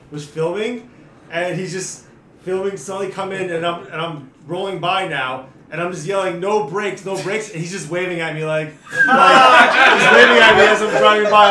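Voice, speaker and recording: Chill podcast host guy, bright high voice, jokey, echoey room. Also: slight background noise. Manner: laid-back, joking, moderates turns. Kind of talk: casual podcast chat.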